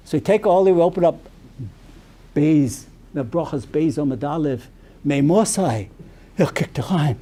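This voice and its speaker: A man as a rabbi giving a storytelling sermon, animated and peppered with Yiddish and Hebrew terms. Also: on the high side, moderate pace, long pauses.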